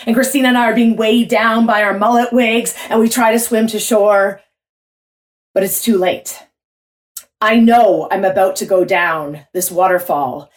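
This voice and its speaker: A woman telling a vivid personal story to an audience, in an animated way. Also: fairly high pitch.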